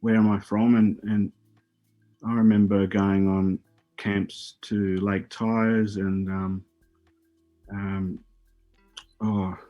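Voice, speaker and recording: Aussie bloke, middle-aged, low voice, rambly storytelling on radio, trips over his words a lot. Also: flat delivery, slow, pauses often, mellow, muffled recording, soft background music. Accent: Australian. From Australia. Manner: rambling, repeats words, casual swearing. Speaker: guest, former Olympic hurdler. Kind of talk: casual storytelling on a radio show.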